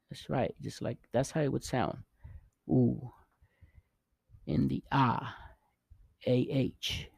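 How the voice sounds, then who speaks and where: A Spanish teacher gives a casual spoken lesson, unhurried and patient, repeating each sound and gently encouraging the learner. His mid-range, gravelly yet mellow voice keeps a fairly even intonation, recorded dry and close with no room around it.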